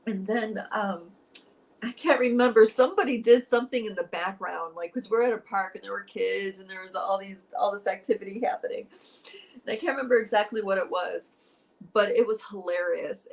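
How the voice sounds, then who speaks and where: A woman's voice: medium pitch, moderate pace, poor audio. Middle-aged woman spiritual teacher; emotional, rambling personal storytelling that turns teary at moments.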